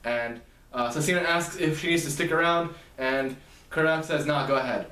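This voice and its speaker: A man's voice: a little high, normal speed, bright, forceful tone. A man casually recapping a story, rambling and self-amused, full of fillers and side comments. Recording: echoey room, mic at a distance.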